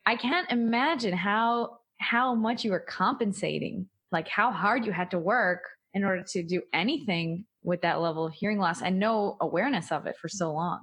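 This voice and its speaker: A woman's voice: mid-range voice, moderate pace, hardly any pauses, a bit bright. A woman podcast host with a mid-range voice. She asks her questions casually and encourages her guest, often laughing along. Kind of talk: casual interview.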